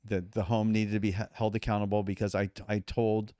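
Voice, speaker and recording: A man's voice: fairly low pitch, brisk, smooth, no echo, clean studio sound. A middle-aged man, a podcast guest, telling his story emphatically and acting out the dialogue. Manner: emphatic, animated retelling with quoted dialogue. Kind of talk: storytelling in conversation.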